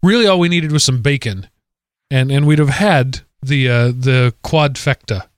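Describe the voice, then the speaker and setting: A man's voice: medium pitch, normal speed, clean tone, dry recording, clean studio sound. A man hosting a casual podcast, rambling into self-deprecating jokes. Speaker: podcast host. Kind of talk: casual chat.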